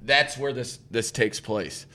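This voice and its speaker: A man's voice: medium pitch, takes it slowly, pushed and bright, a little hiss or hum. A man hosting a podcast, retelling a cartoon plot in a rambling, profane way. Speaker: podcast host. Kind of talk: casual chat.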